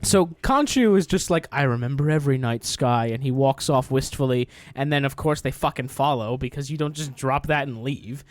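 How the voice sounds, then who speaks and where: A man co-hosting a casual podcast, animated as he recaps an episode, swearing casually. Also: mid-range voice, normal speed, few pauses, no room sound. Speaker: podcast co-host. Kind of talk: casual chat.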